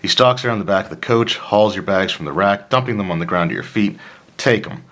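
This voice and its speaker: Deep-voiced man reading a solo gamebook aloud. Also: fast talker, a bit bright. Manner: casual, with asides and throat-clearing. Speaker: player of a solo tabletop adventure.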